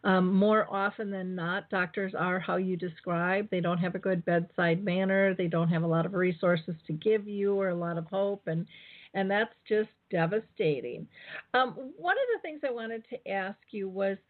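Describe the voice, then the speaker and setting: A woman's voice: mid-range voice, moderate pace. Female host, empathetic interviewer, tinny phone audio. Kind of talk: interview conversation. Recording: phone line.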